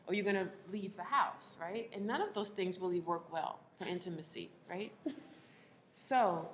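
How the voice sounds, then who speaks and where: A woman relationship coach speaking to a live audience, animated, laughing often and acting out the people she quotes. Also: fairly low pitch, normal speed, slight background noise.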